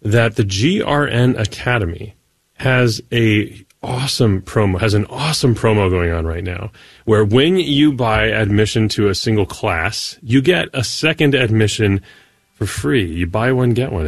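A man's voice: lowish voice, lively intonation, a little slow, gravelly, dry recording. A man announcing on a radio show, reading promotions in an upbeat way. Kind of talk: announcement read.

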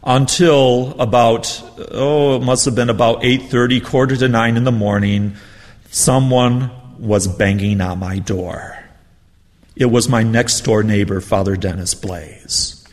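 A man's voice: on the low side, long reverb tail. A man who is a priest leading a retreat, preaching in a conversational, self-deprecating way with personal anecdotes. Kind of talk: storytelling sermon.

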